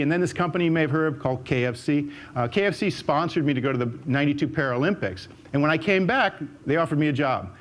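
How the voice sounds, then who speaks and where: An older man tells stories from his life on stage, rambling warmly through false starts and repeated words, and jumping up in pitch to act out what others said. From United States. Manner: chatty storyteller with frequent restarts and repeated words; jumps up in pitch when acting out what people said. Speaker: speaker. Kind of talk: storytelling talk on stage. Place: auditorium stage.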